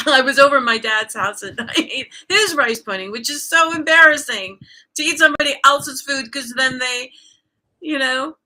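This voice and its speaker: A woman speaks as a guest in a relaxed, conversational exchange, with a bright, forward tone. She tells a personal story openly, leaning on fillers like "um" and "you know" and restarting her sentences as she goes. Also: high voice, normal speed. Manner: candid, storytelling with frequent fillers. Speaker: guest, coach. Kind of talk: casual conversation.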